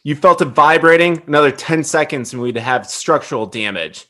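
Man reading stern old-hand airline captain, defensive, bright forceful tone. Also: a little high, animated, moderate pace. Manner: defensive, clipped script reading. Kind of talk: reading a film scene aloud.

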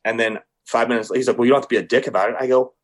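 Animated, swearing young man storyteller. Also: medium pitch, rapid-fire. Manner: animated storyteller, swears freely, acts out quoted people. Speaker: podcast co-host. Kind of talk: casual chat.

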